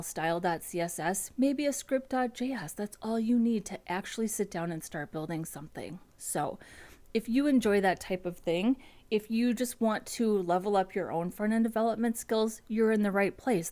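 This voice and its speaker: A woman's voice: mid-range voice, mellow. A woman chatting casually at home as host of a front-end coding live stream, rambling and restarting her sentences.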